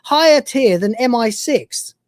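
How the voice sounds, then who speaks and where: A man's voice: extremely high pitch, expressive, measured pace, no echo, clean studio sound. A man hosting a live review stream, ranting and swearing in exasperation. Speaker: host.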